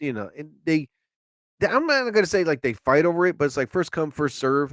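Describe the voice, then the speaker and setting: A man's voice: a little high, fairly quick, smooth, no room sound. A man hosting a live show, rambling through everyday stories and acting out the quotes. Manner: animated storyteller, acts out quotes. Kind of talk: rambling solo chat.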